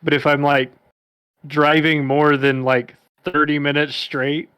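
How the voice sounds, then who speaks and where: Guy with a higher voice rambling on a podcast, lots of likes, dry close sound. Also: flat delivery, unhurried, fairly bright tone, clean tone, no room sound. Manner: rambling, frequent "like" fillers. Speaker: podcast co-host. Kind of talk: casual chat.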